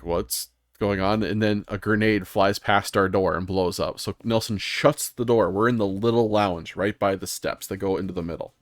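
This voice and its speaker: Rambling low-voiced male podcast host. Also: dry recording, studio quality. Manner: rambling storyteller with many ums and restarts. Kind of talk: casual gaming podcast chat.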